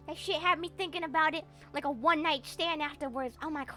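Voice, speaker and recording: A young woman talks to her stream from a home desk mic, her voice high and bright. She rambles in an animated, profane way with plenty of fillers. Soft music plays faintly underneath. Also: fairly quick, hardly any pauses. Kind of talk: casual livestream chat.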